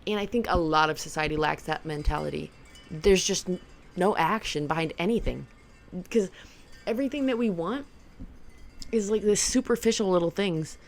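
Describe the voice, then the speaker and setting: A woman with a low, gravelly voice and plenty of vocal fry chats loosely to her camera. She rambles playfully and leans on "like" as she works through her thoughts. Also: normal speed. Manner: rambling and playful, heavy use of "like". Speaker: vlogger. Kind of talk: casual self-help chat to camera.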